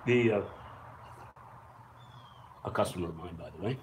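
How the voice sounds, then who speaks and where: Low-voiced and speaking at a normal speed, a man runs a casual live stream, responding to viewers and wandering through stories with laughs and curses. The sound is reverberant, with a bit of background noise.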